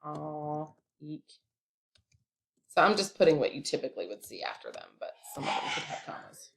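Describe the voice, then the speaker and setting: A woman teacher talks through a grammar lesson step by step. Her voice sits a little low, and she keeps it chatty, with casual asides. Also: sing-song, quick pace, gravelly.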